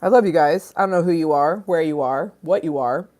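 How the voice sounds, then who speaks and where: A woman hosting a casual livestream on her phone, playful and crude, swinging between loud bursts and low mutters. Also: fairly quick. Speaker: livestream host. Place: Los Angeles home.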